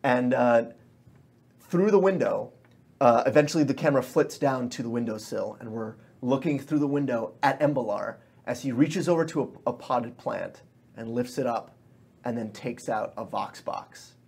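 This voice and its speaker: A man runs a tabletop game, describing each scene as if a camera were moving through it. His voice is husky and somewhat rough, and his talk is full of fillers. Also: medium pitch, normal speed, a little mellow. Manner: cinematic scene narration with many fillers. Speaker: game master.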